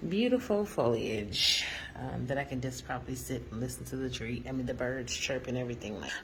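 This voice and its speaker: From a hotel room, a vlogger in her forties earnestly tells viewers a personal story, using lots of fillers in a casual, reflective way. She has a bass, slightly mellow voice, with a bit of background noise.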